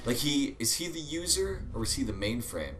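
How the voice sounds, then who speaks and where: Lively, excitable let's play man. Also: mid-range voice, normal speed, a little hiss or hum. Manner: excitable, swears, jumps into loud outbursts. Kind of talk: casual gameplay commentary.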